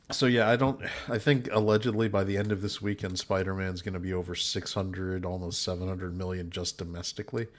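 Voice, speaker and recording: A man co-hosting a casual stream, rambling with halting restarts about movies. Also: sits low, fairly even intonation. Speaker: podcast co-host. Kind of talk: casual hangout stream chat.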